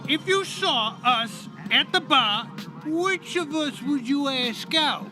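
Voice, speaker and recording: A high, self-satisfied voice for a cocky blue alien. He boasts with lazy smugness. Game music plays clearly behind. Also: lively intonation, slow, full character voice. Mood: smug. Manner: smug, boastful. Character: vain blue alien man, cocky show-off.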